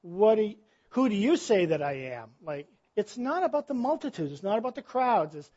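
A man's voice: sits high, sing-song, moderate pace, mellow, breathy edge, highs cut off. A man preaching a sermon in a conversational style, full of rhetorical questions. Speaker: pastor.

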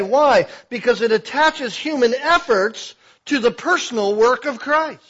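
A man preaching a sermon, swinging between loud declarations and quiet asides. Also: very high voice, animated, a little slow, husky, lo-fi sound. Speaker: pastor.

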